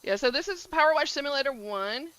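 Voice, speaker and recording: A Southern-accented woman from Georgia, USA chats casually and upbeat on a game stream, greeting viewers by name. Her voice sits high and is animated, fast, and fairly bright. The audio is rough, with no echo.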